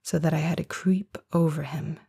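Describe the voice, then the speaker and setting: Woman, whispered narration, hushed, creeping slow delivery, dark tone. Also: low-pitched, fairly even intonation, vocal fry, husky. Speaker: audiobook narrator. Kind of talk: whispered first-person narration.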